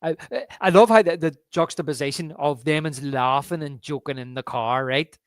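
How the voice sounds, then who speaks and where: A man's voice: a little high, moderate pace, clean tone, no room sound, clean studio sound. A man co-hosting a podcast, chatting casually about a film and retelling favourite scenes with relish. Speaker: podcast co-host.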